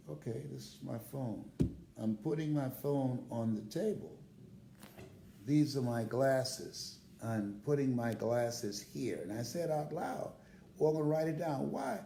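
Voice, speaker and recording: Animated older man telling stories. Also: mid-range voice, gravelly, reverberant, a little hiss or hum. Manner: animated, laughs heartily while telling stories. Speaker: motivational speaker. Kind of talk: casual live-stream storytelling.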